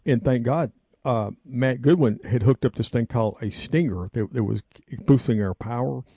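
A man, hosting a radio show and telling a rambling story in an excitable, emotional way, laughing often. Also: mid-range voice, moderate pace, gravelly, slightly rough, dry recording, studio quality.

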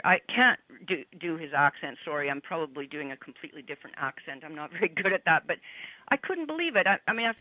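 Rambling woman on a dull lo-fi mic, lowish voice, dry sound. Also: lively intonation, fast, no echo. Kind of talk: casual chat.

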